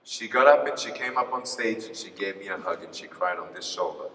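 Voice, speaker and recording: A man giving a live motivational talk, telling a personal story in an animated way and acting out the dialogue. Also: low-pitched, brisk, recorded from a distance, slight background noise. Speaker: motivational speaker. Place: large hall before an audience. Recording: echoey hall picked up from afar.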